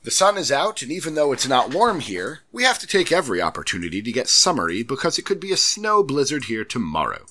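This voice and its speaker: Man doing a wobbly British accent for a letter-writing wrestling fan, hammy and lively. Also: medium pitch, fast, hardly any pauses, heavily acted. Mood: theatrical. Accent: put-on British, drifting toward Irish. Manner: loud, bouncy, theatrical read-aloud. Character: cheery British male wrestling fan reading his letter.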